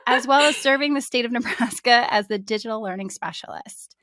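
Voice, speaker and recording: A woman's voice: a little high, a little fast, a bit bright, no echo, clean studio sound. A woman hosting a podcast, chatting casually and bubbly, laughing often with her guest. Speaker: podcast host. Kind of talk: casual interview chat.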